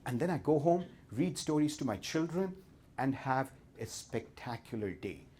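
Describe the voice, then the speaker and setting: A contented, carefree fisherman, put on by a man with an Indian accent recounts his leisurely day in an easygoing storytelling lilt. The voice sits in a middling pitch with a husky, slightly breathy grain. He sounds unhurried and satisfied. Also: animated, darkish tone.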